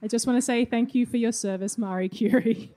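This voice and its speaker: A woman's voice: fairly high pitch, fairly even intonation, brisk, mellow. A woman hosting a live comedy debate, introducing speakers in an upbeat, announcing manner. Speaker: host.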